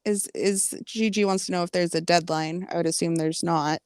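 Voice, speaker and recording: A woman's voice: on the low side, fairly even intonation, moderate pace, smooth, no echo, studio quality. A young woman co-hosting a casual podcast chat, laughing a lot and chiming in with enthusiasm. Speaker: podcast co-host.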